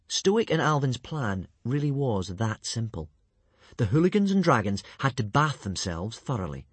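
A man reading a storybook aloud in a lively, expressive manner. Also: mid-range voice, normal speed, slightly rough, no room sound. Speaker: narrator.

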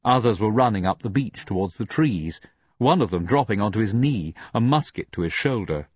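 Husky low-voiced guy reading a novel, lots of ups and downs, dry muffled audio. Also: normal speed, no room sound. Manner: expressive, dramatic reading. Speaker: audiobook narrator. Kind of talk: scripted narration.

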